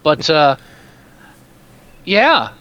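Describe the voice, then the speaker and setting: A man's voice: fairly high pitch, wildly swooping pitch, drawn-out words. A man co-hosting a casual movie review chat, blunt and profane as he rants about films. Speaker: podcast co-host. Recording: dull lo-fi mic.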